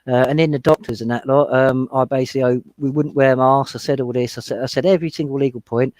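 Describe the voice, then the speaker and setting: A man on a panel discussion, talking fast and heatedly as he retells his own run-ins in casual chat. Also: mid-range voice, fairly even intonation, darkish tone, dry recording. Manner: heated, retelling confrontations with quoted exchanges. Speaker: panel guest.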